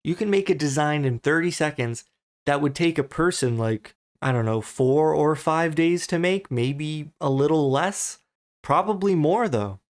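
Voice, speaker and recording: A man's voice: fairly high pitch, expressive, a little slow. A young man hosting a podcast, giving casual solo commentary in a thoughtful, musing way and often questioning himself. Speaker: podcast host.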